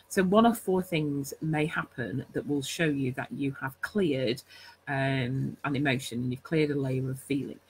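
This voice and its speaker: A woman's voice: very deep voice, measured pace, a little mellow, a little hiss or hum, low-quality recording. A woman hosting a live stream, chatty and rambling, full of fillers and self-corrections as she teaches. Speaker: host.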